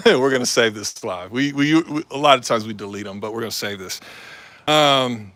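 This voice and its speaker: A man with a bright, forceful voice, pitched mid-range for a male, rambles through a casual live-stream monologue at normal speed. His loose talk is full of fillers, restarts and slang, and the recording is dry.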